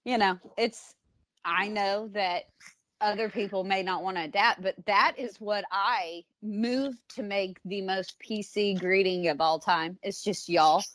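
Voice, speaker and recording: A woman's voice: mid-range voice, measured pace, a bit bright, dry recording. Brash joking Texan woman. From Texas. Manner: brash, joking, swears freely. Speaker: podcast co-host. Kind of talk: casual chat.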